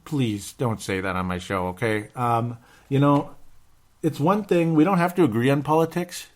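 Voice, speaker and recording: Man, podcast host, casual sports talk, medium pitch, keeps asking "okay?". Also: moderate pace. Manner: talkative, repeats himself, frequent "okay?" asides. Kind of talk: live sports podcast chat.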